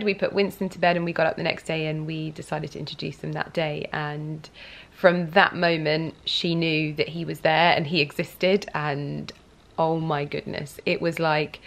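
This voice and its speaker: A woman's voice: sits low, gravelly. A young woman in casual vlog chat, rambling with many fillers, tired and close to tears. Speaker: vlogger.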